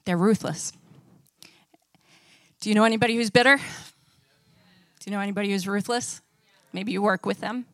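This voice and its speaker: A woman's voice: medium pitch, steady tone, normal speed, long pauses, a bit bright, dry recording. A woman preaching a sermon in a conversational way, often asking the audience questions.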